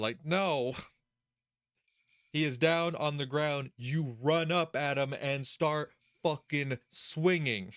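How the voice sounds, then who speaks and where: A man hosting a let's play, giving casual gaming commentary in an animated, profane way, laughing often and talking straight to the character. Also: a little high, slow, dry recording, studio quality.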